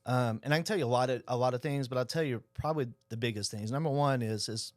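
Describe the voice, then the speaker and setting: Fast-talking man telling stories. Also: mid-range voice, no echo, clean studio sound, soft background music. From Oklahoma. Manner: animated storyteller acting out quoted dialogue. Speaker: insurance agency owner, guest. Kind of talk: casual storytelling interview.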